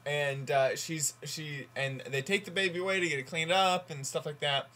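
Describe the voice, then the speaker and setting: A man's voice: fairly high pitch, bright, forceful tone. Rambling man vlogging. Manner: rambling, halting, full of fillers. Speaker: vlogger on a group channel. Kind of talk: casual vlog, telling a joke.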